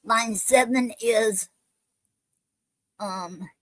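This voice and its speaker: A woman's voice: a little high, very slow, no echo, rough recording. A woman hosting a casual live stream, talking with many ums and restarts.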